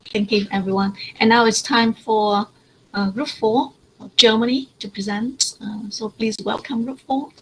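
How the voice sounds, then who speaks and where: Woman teacher, hesitant class feedback, mid-pitched, faint hiss in the recording. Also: poor audio. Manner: hesitant, frequent fillers, corrects pronunciation. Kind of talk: giving feedback in an online class.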